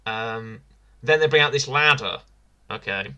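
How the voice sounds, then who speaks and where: A man with a bright, forceful voice talks through a wrestling review in loose, casual podcast chat. He circles back on his own phrases, restarting and repeating as he goes. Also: medium pitch, measured pace, clear, resonant tone. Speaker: podcast co-host.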